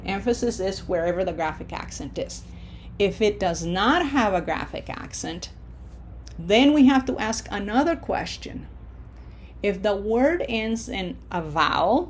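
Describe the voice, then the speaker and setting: Speaking at a medium pitch with a darkish tone, a woman teaches Spanish in a recorded online lesson. She lays out the rules with patience, frequently checks in by asking "okay?", and slows her speech to emphasize example words when demonstrating pronunciation.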